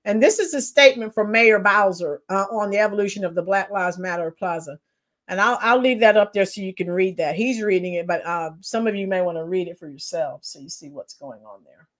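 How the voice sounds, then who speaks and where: A woman's voice: medium pitch, brisk. A woman hosting a live-stream commentary, mocking the clips she plays and chatting with her viewers in a sarcastic, casual way.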